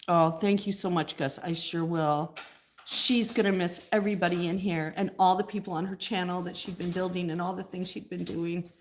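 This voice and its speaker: A woman's voice: on the low side, fairly even intonation, normal speed, slight background noise. Chatty woman hosting a live stream. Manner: chatty, answers viewer comments as she talks. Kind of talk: casual live stream chat.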